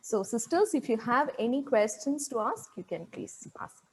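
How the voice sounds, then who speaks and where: A woman hosting a women's fellowship meeting on a video call, thanking the speaker with many pauses. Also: fairly high pitch, very animated, a little hiss or hum, poor audio. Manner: warm thanks with many "uh" fillers.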